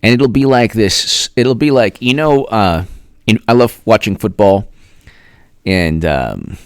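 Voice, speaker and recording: A man with a low voice hosts a casual live stream and rambles from one thought to the next. Now and then he stretches out viewers' names in a sing-song voice. The sound is dry and close, with no room in it. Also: lively intonation, slow pace, smooth, no echo. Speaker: political commentary host. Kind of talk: casual livestream chat.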